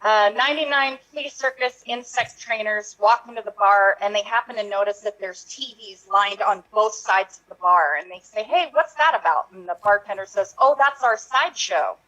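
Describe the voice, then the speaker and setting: Bright woman telling puns, lo-fi audio. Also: mid-range voice, steady tone, moderate pace, hardly any pauses. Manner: giggly joke delivery. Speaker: improv player. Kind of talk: improv pun game. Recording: dull lo-fi audio.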